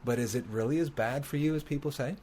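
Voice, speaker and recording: A man's voice: medium pitch, fast talker, a little mellow. A man hosting a casual chat, rambling and restarting his sentences. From United States. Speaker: podcast host. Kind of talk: casual conversation.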